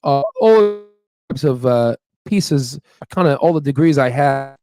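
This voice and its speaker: A man's voice: medium pitch, animated, unhurried, mellow, no echo, studio quality, faint music behind. A young man hosting a stock market channel, chatting casually and rambling with fillers and laughs. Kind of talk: casual livestream chat. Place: staying in Memphis, Tennessee. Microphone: on Wi-Fi stream.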